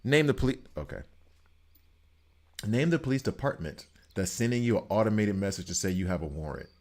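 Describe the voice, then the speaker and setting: Deep-voiced male streamer, casual and emphatic, animated storyteller. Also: fairly quick. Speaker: gaming streamer. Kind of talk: casual chat while streaming a game.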